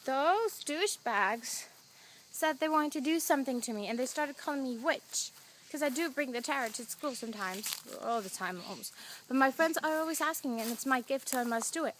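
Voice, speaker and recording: A woman's voice: sits high, lively intonation, moderate pace, a bit bright, slight background noise, rough recording. A teenage girl, venting in a rambling, dramatic storytime vlog, acting out quotes and dropping to a whisper at times.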